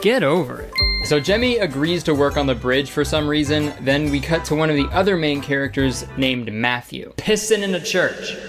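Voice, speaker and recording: A man's voice: on the high side, expressive, moderate pace, hardly any pauses, music in the background. A man giving casual comedic commentary on a movie, sarcastic and joking, often laughing.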